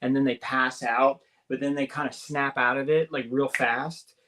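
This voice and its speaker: Recounting an abduction he experienced, a radio show guest speaks at a normal pace into a call-in or studio mic, animated and repetitive. He keeps saying "like" and "right?" and raises his pitch to act out the voices of those he quotes.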